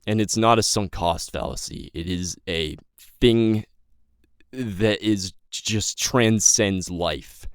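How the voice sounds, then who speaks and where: A man's voice: lowish voice, slow pace, clear, resonant tone, dry recording, studio quality. A nineteen-year-old man giving an impassioned, rambling personal update to his viewers, swearing and stumbling over his words. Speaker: YouTube creator and novelist.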